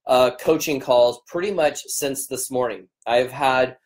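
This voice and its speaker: An upbeat man in casual livestream chat, rambling warmly and greeting viewers one by one. His voice is tired and cracking after hours of talking. His pitch sits in an ordinary middle range. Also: measured pace. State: strained, cracking voice. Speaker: business coach.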